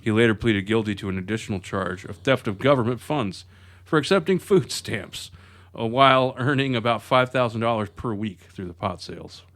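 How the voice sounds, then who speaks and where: A man's voice: mid-range voice, normal speed, a bit bright. A man co-hosting a comedy news podcast, reading stories aloud and cracking dry jokes. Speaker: podcast co-host. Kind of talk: casual comedic news chat.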